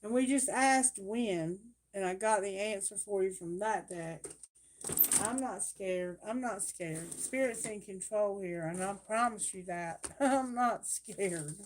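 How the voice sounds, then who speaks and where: A woman doing a live tarot reading, talking bluntly and emphatically, swearing freely and asking Spirit questions out loud. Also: medium pitch, takes it slowly, background noise. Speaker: tarot reader.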